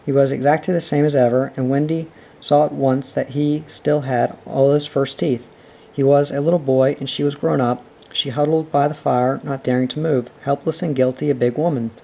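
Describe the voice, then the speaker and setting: Calm man reading a storybook aloud. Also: mid-range voice, moderate pace, gravelly, poor audio. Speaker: reader. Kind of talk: audiobook narration.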